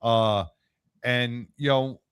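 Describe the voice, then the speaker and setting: A man's voice: medium pitch, fairly even intonation, very slow, a bit bright, clear, resonant tone. A man hosting an interview, upbeat as he promotes his guest's book. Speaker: radio show host.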